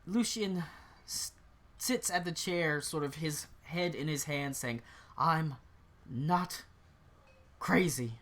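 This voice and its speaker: A male game master narrates a tabletop session in a rambling, filler-heavy style. His voice is bright and clear, at a middle pitch. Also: lively intonation, unhurried.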